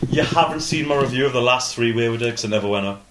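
A man's voice: medium pitch, quick pace. A British man co-hosting a podcast, blunt and crude, swearing freely. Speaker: podcast co-host. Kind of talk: casual chat. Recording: echoey room with faint noise.

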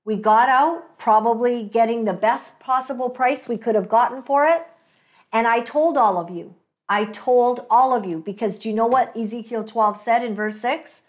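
A woman host from Canada talks in a casual, meandering way, full of fillers and asides. Her voice sits a bit high for a woman. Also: normal speed. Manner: chatty, storytelling, many fillers and asides. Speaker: talk show host. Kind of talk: casual faith-based commentary.

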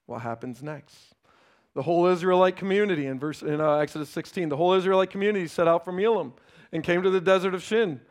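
A man preaching a sermon, reading scripture and acting out complaining voices, then dropping to quiet emphasis. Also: high voice. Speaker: pastor.

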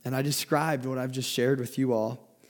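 A man's voice: medium pitch, steady tone, moderate pace. A young man giving a sermon in an earnest way, often repeating and restarting his words as he speaks.

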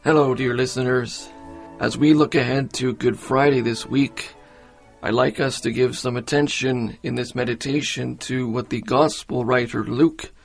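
Male devotional speaker, slow and deliberate, earnest, mid-pitched voice. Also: creaky. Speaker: preacher. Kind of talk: devotional meditation.

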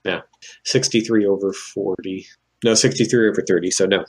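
A man playing a tabletop game, narrating his character's actions in a lively way. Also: low voice, moderate pace, breathy edge. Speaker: player. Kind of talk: casual tabletop play.

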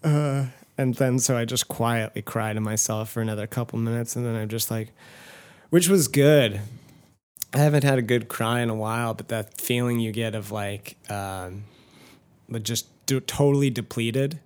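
A man's voice: medium pitch, steady tone, normal speed, darkish tone. A man telling a long personal story in casual chat, self-deprecating and swearing freely, with rambling asides. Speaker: podcast host telling a story.

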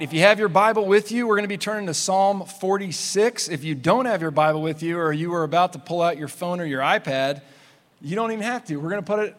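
Upbeat guy preaching, slightly high voice, joking around, big echoey church. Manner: energetic, conversational, playful asides. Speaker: pastor. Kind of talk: sermon. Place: church sanctuary. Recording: long hall reverb.

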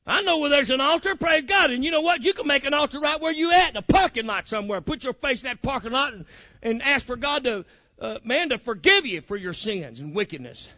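A man's voice: very high-pitched, lively intonation, brisk, bright, forceful tone, no echo. A man preaching a sermon, fiery and colloquial, calling out to his congregation. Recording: muffled lo-fi recording.

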